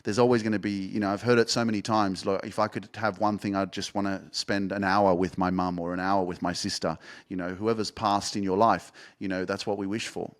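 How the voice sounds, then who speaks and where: Low-voiced man telling a candid story. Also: little pitch movement, fairly quick, hardly any pauses. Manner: candid, swears freely, rambling with restarts. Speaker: podcast host and life coach. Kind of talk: casual storytelling monologue.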